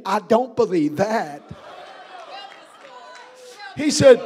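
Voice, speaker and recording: High-voiced fervent preaching man. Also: expressive, breathy edge. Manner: fervent, shouting, quick asides to the congregation. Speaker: pastor. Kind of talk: sermon. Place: church.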